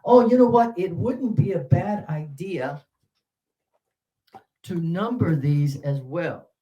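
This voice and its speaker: A man leading a teaching seminar, animated and demonstrative, with sudden jumps in pitch. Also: slow pace, muffled recording. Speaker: teacher trainer. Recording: roomy echo.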